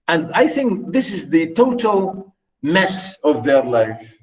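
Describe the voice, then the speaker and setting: A man's voice: high-pitched, big pitch swings, unhurried, rough recording. A man teaching a literature lesson online, chatty and emphatic, often asking the class questions.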